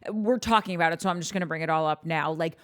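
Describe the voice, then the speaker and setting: A woman's voice: low voice, fast talker. Fired-up woman ranting on a podcast. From New Jersey. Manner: heated, ranting, animated storytelling. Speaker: podcast co-host. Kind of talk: casual reality-TV recap chat.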